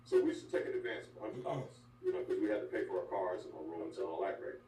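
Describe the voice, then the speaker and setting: An older man tells his stories in quick, lively bursts, his voice swinging up and down as he gets worked up. His tone is low and mellow, with a blunt, plain-spoken manner and lots of asides. He sounds distant from the mic in an echoey room with a faint hum behind him. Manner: animated, blunt storyteller with frequent asides. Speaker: interview guest, former wrestler. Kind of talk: candid storytelling interview.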